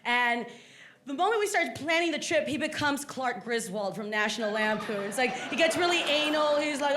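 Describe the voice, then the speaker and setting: A woman's voice: high voice, moderate pace. A woman from South Texas, telling stories on a comedy stage and acting out the people in them. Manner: animated, acts out voices. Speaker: stand-up comedian. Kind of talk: stand-up storytelling. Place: comedy stage before a live audience. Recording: live club audience, faint noise. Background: audience laughter.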